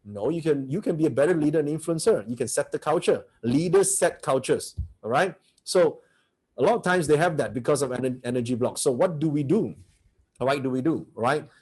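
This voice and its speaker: A man's voice: on the high side, brisk, a little mellow, breathy edge. A man teaching a motivational seminar, blunt and brash, who keeps firing rhetorical questions at his audience.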